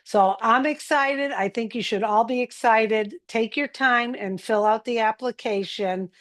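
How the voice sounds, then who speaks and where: A woman presenting casually to viewers, slow and encouraging, with frequent fillers. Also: fairly high pitch. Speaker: community presenter.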